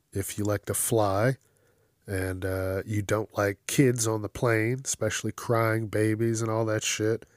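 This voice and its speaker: A man's voice: fairly low pitch, no room sound, studio quality. A man hosting a casual news commentary show, blunt and crude, swearing constantly and ranting in bursts.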